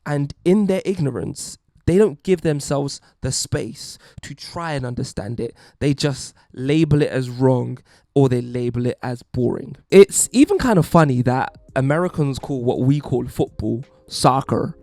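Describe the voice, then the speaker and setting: A man's voice: medium pitch, normal speed, mellow, no room sound, studio quality. A man hosting a podcast, giving an emphatic, wry opinion monologue. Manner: wry, emphatic, puts on mock voices. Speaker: podcast host.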